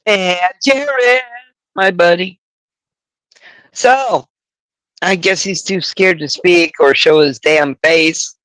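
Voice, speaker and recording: A woman hosts a casual livestream, rambling and swearing as she goes. She talks slowly, taking her time. Her voice sounds dry and close. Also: fairly low pitch, a bit bright, no echo, poor audio. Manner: profane and rambling. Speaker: livestream host.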